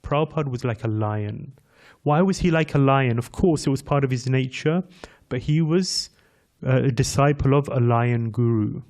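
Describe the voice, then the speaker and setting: A man's voice: mid-range voice, moderate pace, a little mellow. A man with an English accent giving a conversational sermon as a visiting speaker, talking directly to his audience and asking them questions. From England. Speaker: visiting speaker at a temple class.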